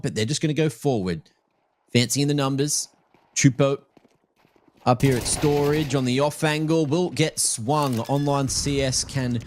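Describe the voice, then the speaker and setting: There's slight background noise as a medium-pitched man calls a live video game match on a headset mic. His play-by-play is chatty and full of jokes, and he teases players and viewers alike.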